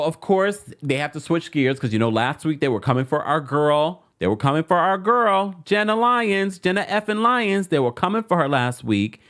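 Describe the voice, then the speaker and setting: Male recap host, chatty and emphatic, pitch jumps all over, mid-range voice. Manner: animated, chatty, repeats phrases for emphasis. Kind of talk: casual recap commentary.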